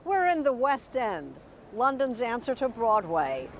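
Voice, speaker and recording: Lady tv host reading the next segment intro, highish lively voice. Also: unhurried, a little hiss or hum. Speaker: TV program host. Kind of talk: scripted news presentation.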